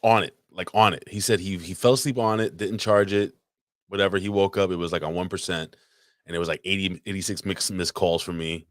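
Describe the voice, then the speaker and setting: Deep-voiced, rambling podcast co-host. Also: male voice, fairly even intonation, brisk, a bit bright, no echo, studio quality. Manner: rambling, crude, restarts a lot while telling a story. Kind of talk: casual profane storytelling chat. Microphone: podcast microphone.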